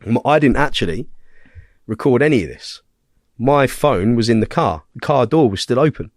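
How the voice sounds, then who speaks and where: A man, a young adult at a guess, telling a story on a podcast in a blunt, profane way. His voice sits at an ordinary pitch for a man, and the recording is close and dry, with no room sound. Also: animated, normal speed, no echo. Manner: vivid, blunt storytelling full of swearing. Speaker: podcast guest.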